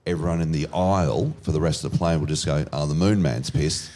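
A man's voice: a bass voice, brisk, very noisy. A man telling a crude, self-mocking story on a live comedy podcast, swearing freely and laughing as he goes.

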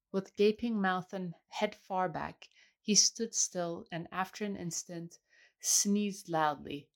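A woman reading a literary novel aloud in a measured, even way. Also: lowish voice, creaky. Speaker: audiobook reader. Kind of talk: literary audiobook narration.

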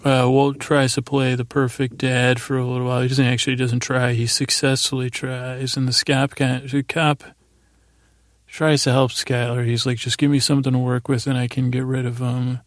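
A man's voice: medium pitch, level tone, moderate pace, no room sound, clean studio sound. A man hosting a sleep podcast, loosely retelling TV scenes in a meandering bedtime ramble.

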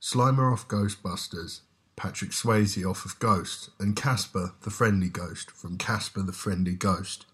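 A man doing dry, measured mock-documentary narration. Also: low-pitched, a bit bright.

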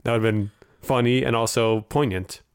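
A man's voice: medium pitch, fairly even intonation, normal speed, clean tone, no room sound, studio quality. A man co-hosting a podcast, talking in a wry, conversational way. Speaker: podcast co-host. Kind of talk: casual chat.

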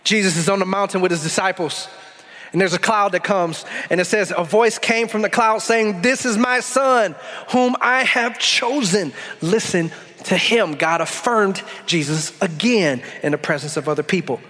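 A man preaching a sermon as pastor, stretching key phrases slowly, then pressing ahead in quick bursts. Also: high voice, fairly bright tone. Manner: preaching with dramatic slow-downs and bursts. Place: church sanctuary. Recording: long hall reverb.

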